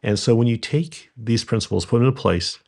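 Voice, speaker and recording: A middle-aged man, a podcast guest, telling stories from his business in a halting way with many fillers and restarts. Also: medium pitch, lively intonation, gravelly, a little mellow. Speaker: podcast guest, rental company founder. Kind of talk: conversational storytelling interview.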